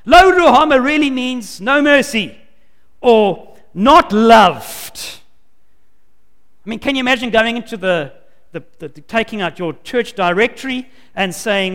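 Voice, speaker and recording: A man preaching a sermon, telling the story in an animated and emphatic way and acting out the scenes. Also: very high voice, a little slow. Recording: long hall reverb.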